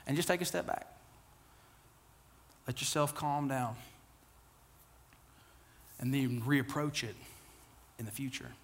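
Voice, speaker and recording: A man in his thirties preaching an earnest, conversational sermon, often repeating words and dropping low and quiet for key lines. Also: fairly even intonation, unhurried, long pauses. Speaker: pastor.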